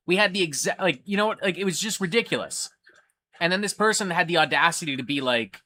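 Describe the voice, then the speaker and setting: A man's voice: a little high, animated, fast talker, pushed and bright. A man hosting a casual livestream, ranting animatedly with lots of swearing. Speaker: livestream host.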